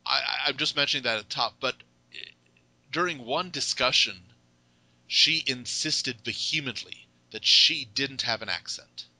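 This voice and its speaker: A man hosting a podcast interview, chatting in a General American accent, playful and quick to laugh. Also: mid-range voice, bright, forceful tone, dry recording, rough recording. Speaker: podcast host. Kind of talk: casual interview chat.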